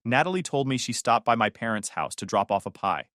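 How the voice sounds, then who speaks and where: A man reads a scripted first-person story in a bitter, matter-of-fact tone. His pitch sits in the middle but moves around a lot. The sound is dry and close. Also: lively intonation, brisk, fairly bright tone, dry recording.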